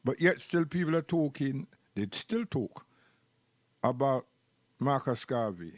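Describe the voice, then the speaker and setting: A man's voice: mid-range voice, expressive, unhurried, no room sound. A man with a Jamaican accent giving rambling, preachy live-stream commentary and repeating words while he searches for the next one.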